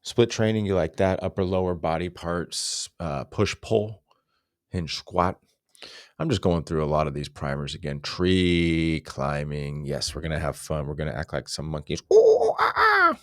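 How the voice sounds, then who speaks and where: A man's voice: rumbling low, steady tone, moderate pace, no echo, studio quality. A man in his forties giving a casual fitness lesson, laid-back and slangy, rambling with asides. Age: 40s. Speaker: fitness instructor. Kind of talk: casual unscripted fitness talk.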